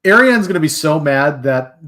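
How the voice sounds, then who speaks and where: A man's voice: a little high, animated, normal speed, bright, forceful tone. A man hosting a livestream, chatting casually and enthusiastically with nerdy asides. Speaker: stream host.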